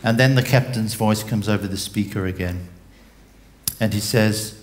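A man giving a motivational talk, deliberate and measured, sometimes pausing to find his words. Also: lowish voice. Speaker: speaker.

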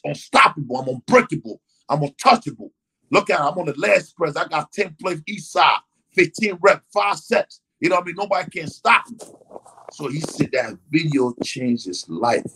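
A man with a slightly husky, raised-pitch voice spins a long story in casual conversation. He acts out everyone in it, with big swings in loudness, and keeps checking in with "you know what I mean". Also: poor audio. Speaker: guest.

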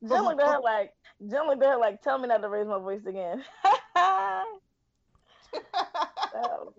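Gravelly-voiced woman in casual chat. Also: on the high side, expressive, dry recording, muffled recording. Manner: giggly, quick retelling. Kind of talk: casual chat about a TV show.

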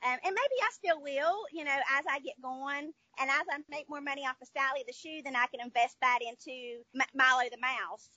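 A high, bright woman's voice with a Southern American twang tells stories in an upbeat, chatty way. The sound is dry and close, and she talks as a guest author in a casual interview. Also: brisk, few pauses, dry recording, highs cut off. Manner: chatty, upbeat storyteller with fillers. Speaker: children's book author, guest.

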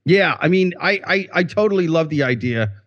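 High-pitched man, podcast co-host, swings up and down, profane, animated, riffs in mocking voices. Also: normal speed, lo-fi sound. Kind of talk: casual comedic chat.

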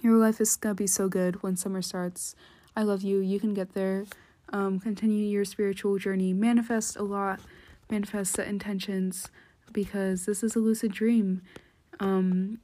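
A woman's voice: medium pitch, flat delivery, normal speed, mellow. A teenage girl hosting a casual solo podcast from home on her phone, rambling and chatty with lots of ums and giggly asides. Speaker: podcast host. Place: at home, indoors.

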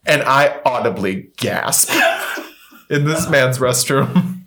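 A young man, a podcast guest, telling a long comic story in casual chat, animated and often laughing. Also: medium pitch, takes it slowly, slight background noise. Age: young adult.

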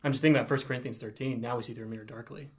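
A man with a mid-range voice talks in a relaxed, reflective way, thinking aloud as he retells film scenes. He co-hosts a casual chat about a film and faith. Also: mid-range voice, rapid-fire. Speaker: podcast co-host.

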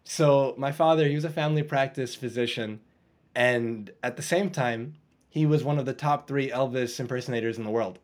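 A man guesting on an interview podcast, telling a story with lively energy and frequent laughs. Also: medium pitch, normal speed. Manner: animated storyteller, laughs often, acts out voices. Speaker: guest coach.

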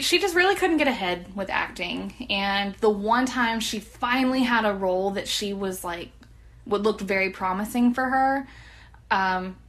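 A woman's voice: medium pitch, bright, forceful tone. A young woman with a slight lisp, telling a story in casual, profane podcast chat. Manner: chatty, profane, laughs often. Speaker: podcast co-host.

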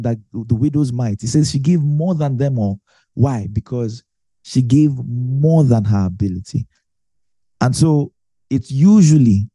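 Dark-voiced man teaching a sermon. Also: medium pitch, no echo. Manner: chatty, laughs often, self-correcting. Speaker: preacher. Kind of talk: conversational Bible teaching.

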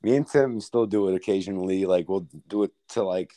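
Laid-back low-voiced man. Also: a little fast, mellow, no room sound. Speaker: podcast guest. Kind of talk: casual chat.

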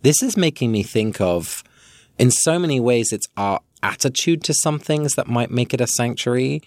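A man's voice: medium pitch, lively intonation, normal speed, darkish tone, no room sound, studio quality. A man co-hosting a podcast, musing thoughtfully in a casual reflective discussion. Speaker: podcast co-host.

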